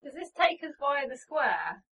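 A woman playing in a tabletop game, chiming in with quick questions and interjections. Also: sits high, big pitch swings, a bit bright, a little hiss or hum, poor audio. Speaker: player. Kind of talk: casual game chat.

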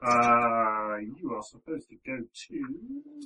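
A man's voice: medium pitch, huge pitch swings, slow, bright, forceful tone, recorded from a distance, rough recording. A man narrating as the game master, rambling along with frequent ums and restarts.

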